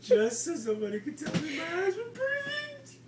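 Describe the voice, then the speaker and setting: A woman's voice: very high voice, wildly swooping pitch, normal speed, background noise, full character voice. A woman voicing a pet dog in a home video as an overdramatic, self-pitying wolf who wails about her troubles. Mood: melodramatic. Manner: melodramatic, wailing and self-pitying.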